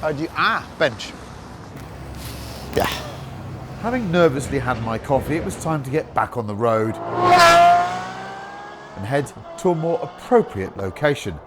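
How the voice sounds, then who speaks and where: A car reviewer host drives and talks, very animated yet unhurried in a medium-pitched voice, leaving long pauses in his chatty, self-mocking commentary. Heavy car and traffic noise sits behind him, inside the car and out on a town street.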